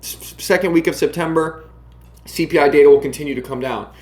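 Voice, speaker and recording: Man, slightly higher voice, brash, emphatic, mocking, casual market commentary. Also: fast talker, a little mellow. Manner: brash, emphatic, mocks viewers.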